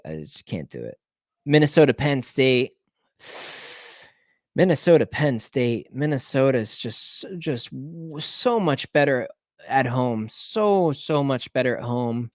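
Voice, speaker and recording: Going over his bets solo and casually, a middle-pitched man rambles loosely, thinks out loud, pauses to look up scores and fixes his own mistakes along the way. His voice comes across close and dry, with no room sound in the recording.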